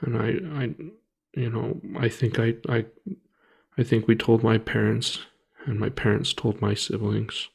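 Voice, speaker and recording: A man in his thirties, a podcast co-host, telling a personal story in a halting, grieving way with many restarts and pauses. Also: lowish voice, little pitch movement, vocal fry, darkish tone, breathy edge.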